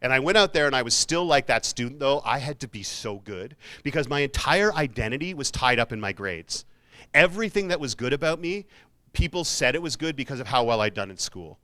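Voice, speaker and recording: A man's voice: medium pitch, lively intonation, a little fast, bright, forceful tone. A man giving a casual, jokey motivational talk to students, with self-mocking asides, speaking in a university hall. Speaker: keynote speaker.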